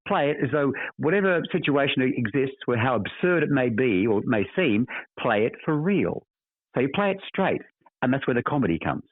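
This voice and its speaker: A man's voice: mid-range voice, very animated, normal speed, no room sound. An older Australian actor telling stories as a podcast guest, expansive and repeating words as he searches for them. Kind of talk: casual interview anecdotes. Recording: dry tinny phone-like line.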